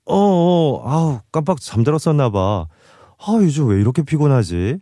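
A man's voice: on the high side, lively intonation, racing, mellow, no echo, clean studio sound, natural voice. A man playing a groggy young man just woken. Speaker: dialogue voice actor. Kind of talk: scripted radio dialogue.

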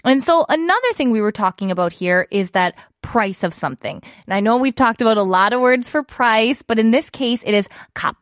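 A woman's voice: a little high, lively intonation, a little fast, hardly any pauses, dry recording, studio quality. A woman hosting a radio show, chatting casually as she explains words and asks her listeners questions. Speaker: radio show host teaching Korean.

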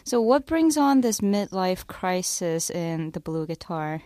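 A woman's voice: fairly low pitch, expressive, a little slow, dark tone, no echo. Curious woman host asking questions. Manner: curious, brief questions and affirmations. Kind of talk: radio interview.

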